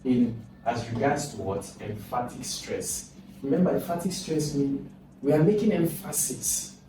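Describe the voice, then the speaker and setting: A man's voice: mid-range voice, lively intonation, a little slow, over music. Man teaching in an echoey room. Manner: explains step by step, repeats words, asks questions aloud. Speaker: exam tutor. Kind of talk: recorded lesson. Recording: very echoey room, distant mic, noisy.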